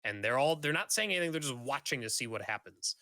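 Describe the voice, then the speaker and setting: A man narrating a tabletop game as game master, halting, with many ums and restarts. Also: mid-range voice, lively intonation, pushed and bright, dry recording.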